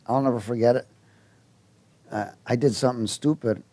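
A man preaching a sermon, telling a personal story and acting out the dialogue in it, with halting restarts and chuckles. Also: mid-range voice. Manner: animated storyteller, acts out dialogue.

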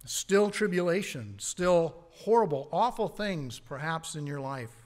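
Earnest preaching man, higher-pitched voice. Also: animated, measured pace. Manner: earnest preaching, rising on key words and dropping low on asides. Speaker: pastor. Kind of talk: sermon.

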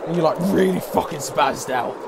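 A man giving excitable, profane let's play commentary as a gaming YouTuber, trash-talking and shouting now and then. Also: on the high side, moderate pace, creaky, very noisy. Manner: shouts and whoops suddenly. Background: game music.

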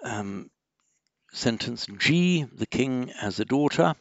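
A man teaching a Sanskrit lesson, thinking aloud with frequent ums and restarts and slowing down to spell out words. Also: medium pitch, expressive, creaky, no echo, lo-fi sound. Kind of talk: classroom lesson walking through exercises.

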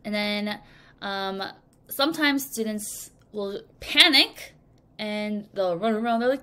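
A woman teaching English vocabulary to children in a recorded lesson, speaking slowly and clearly and acting out example sentences. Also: medium pitch, pushed and bright. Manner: slow, clear teacherly delivery with acted examples.

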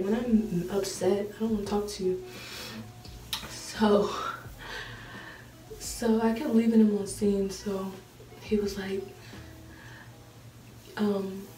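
A woman's voice: mid-range voice, mellow. A woman in her late teens telling a story to camera in a chatty, exasperated way, recorded in an echoey room with the mic a little far off. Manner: chatty, laughing, exasperated retelling. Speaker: vlogger. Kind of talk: casual storytime.

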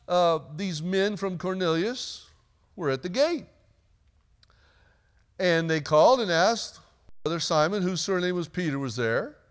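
A man's voice: high-pitched, a bit bright. A man preaching a sermon in a church, chatty and joking with the congregation between readings. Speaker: pastor. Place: church sanctuary.

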